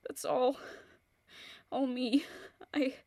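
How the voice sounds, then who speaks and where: A woman's voice: very high voice, animated, no echo, exaggerated voice. A woman playing a tearful, stammering young woman in grief. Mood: resolute. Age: young adult. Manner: halting, stammering restarts. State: tearful, voice breaking. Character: grieving young woman, distraught, bent on revenge. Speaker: voice actor. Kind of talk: audio drama monologue.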